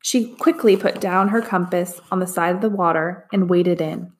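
A woman narrating a chapter book aloud in a measured, expressive reading. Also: fairly low pitch. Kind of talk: storybook read-aloud narration.

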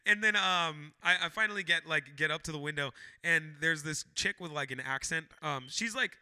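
Bright-voiced young man telling a wild story. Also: a little high, moderate pace, clean tone. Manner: animated, swears often, shouts when quoting himself. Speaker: podcast host. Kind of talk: casual storytelling chat.

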